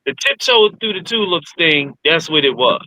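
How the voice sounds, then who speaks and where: Casting: man, very bright and edgy tone, high voice, casual talk show chatter. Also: expressive, normal speed, no room sound, rough recording. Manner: apologetic, repeats words.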